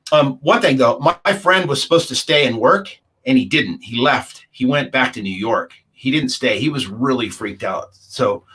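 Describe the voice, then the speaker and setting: A man's voice: medium pitch, lively intonation, normal speed, few pauses, sharp tone, slightly rough. A middle-aged man, a guest, recounting a personal encounter in casual, rambling storytelling and acting out the other people's lines. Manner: rambling, acts out the dialogue of others.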